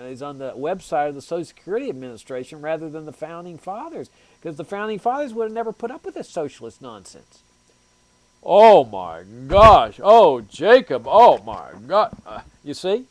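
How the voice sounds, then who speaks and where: A man's voice: a little high, big pitch swings, brisk, hardly any pauses, a little mellow. A man hosting a political talk show, delivering a sarcastic commentary monologue. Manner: sarcastic, mocking opponents in exaggerated voices.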